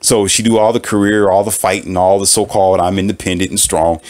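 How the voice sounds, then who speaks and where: A man giving relationship advice in a casual monologue to listeners, preachy and animated, often laughing at his own points and piling up rhetorical questions. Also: sits low, brisk.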